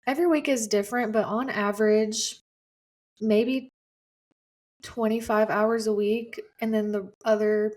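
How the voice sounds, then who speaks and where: A woman's voice: fairly high pitch, steady tone, measured pace, darkish tone. A woman speaking as a guest in a casual interview, chatty and easygoing, with frequent fillers. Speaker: guest content creator.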